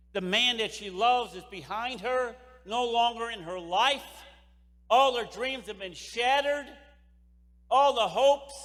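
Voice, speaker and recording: A man's voice: sits high, sharp tone. A man giving an impassioned motivational speech at a sales convention, driving points home by repeating phrases. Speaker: keynote speaker at a sales convention. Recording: echoey hall reverb.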